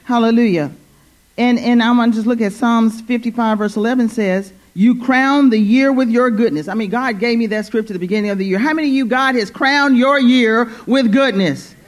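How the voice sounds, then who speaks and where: A woman's voice: fairly high pitch, a little fast. A woman preaching a church sermon, repeating her phrases and calling "Amen?" to the congregation. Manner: fervent, repeats phrases, call-and-response "Amen?". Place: church service.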